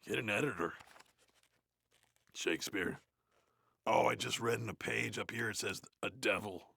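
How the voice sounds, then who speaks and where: Cartoon role: a gruff, crude metal frontman with a sore throat, low gravelly growl, husky. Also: normal speed, pushed and bright, no echo, exaggerated voice. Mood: bored. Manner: bored, crude, swearing, mumbling asides. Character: gruff, grumbling male death metal frontman. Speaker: reader of a play. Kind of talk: comedic in-character reading.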